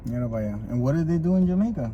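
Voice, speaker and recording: A man co-hosting a podcast, swearing freely in animated rants. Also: on the high side, racing, highs cut off, slight background noise. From Puerto Rico. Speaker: podcast co-host. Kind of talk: casual chat.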